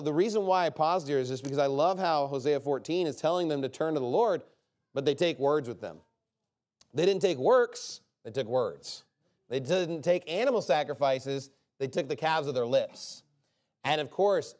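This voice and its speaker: A man preaching a sermon in a conversational, emphatic way, often checking in with "okay?" and swinging from quiet asides to loud bursts. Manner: swings from low, quiet asides to loud, high-pitched outbursts.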